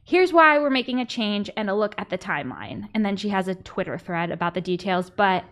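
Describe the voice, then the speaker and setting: A woman's voice: mid-range voice, animated, a little fast, fairly bright tone. A woman hosting a marketing podcast, chatting through the news and reading quotes with wry asides. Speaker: podcast host. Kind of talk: casual news chat.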